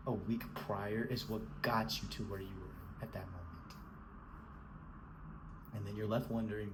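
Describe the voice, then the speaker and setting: A man's voice: mid-range voice, fairly even intonation, moderate pace, noisy background. A man giving a scolding, emphatic motivational rant, repeating himself and calling the listener bro. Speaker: motivational speaker.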